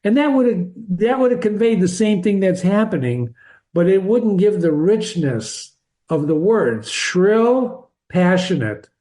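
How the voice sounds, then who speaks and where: A man's voice: high voice, big pitch swings, measured pace, warm tone. Chatty older man explaining a novel. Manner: chatty, digressive, chuckling asides. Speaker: reader and teacher. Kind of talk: reading a novel aloud with commentary.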